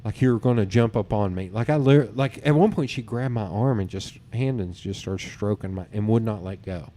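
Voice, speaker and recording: A man with a lowish, warm, mellow voice hosts a casual podcast chat. He tells his own dating stories in a loose, animated way and slips into other people's voices to quote them. His speech is relaxed and peppered with casual swearing. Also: a little fast. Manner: animated storyteller who acts out others' lines, swears casually. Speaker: podcast host.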